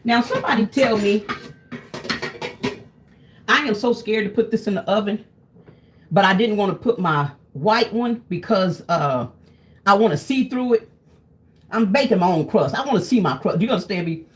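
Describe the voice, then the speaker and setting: A woman's voice: mid-range voice, expressive, normal speed, pauses often. Chatty woman cooking for viewers. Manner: chatty, talks straight to viewers, calls them "y'all". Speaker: cooking vlogger. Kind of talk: casual cooking vlog chat.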